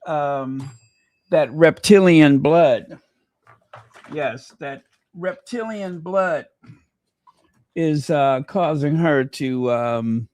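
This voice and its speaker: Slow-talking snarky male gossip host. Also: fairly high pitch, darkish tone, no room sound. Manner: snarky gossiping, sings song snippets. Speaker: livestream host. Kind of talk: casual livestream commentary.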